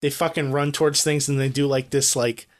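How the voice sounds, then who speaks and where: A man's voice: mid-range voice, flat delivery, brisk, noisy background. A young man co-hosting a gaming podcast, chatting casually and laughing often while he tells stories. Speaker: podcast co-host. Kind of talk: casual chat.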